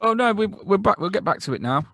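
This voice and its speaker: A man's voice: high-pitched, sing-song, fast talker, fairly bright tone, no room sound. Laid-back British man, dry sound. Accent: British English. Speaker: podcast co-host. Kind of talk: casual comedy banter. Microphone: video call.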